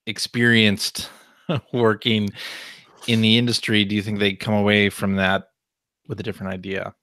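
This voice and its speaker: A man with a lowish voice chats on a podcast, asking follow-up questions and slipping in small laughs. The sound is dry, close to the mic. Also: flat delivery, moderate pace, a bit bright, smooth, dry recording. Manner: inquisitive, chuckling, short backchannels. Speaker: podcast co-host. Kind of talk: casual podcast chat.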